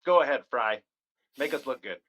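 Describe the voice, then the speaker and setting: A man's voice: mid-range voice, animated, moderate pace, bright, forceful tone. A man co-hosting a casual comic-book chat, joking around and pretending not to know things. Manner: joking, playing dumb. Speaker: podcast co-host.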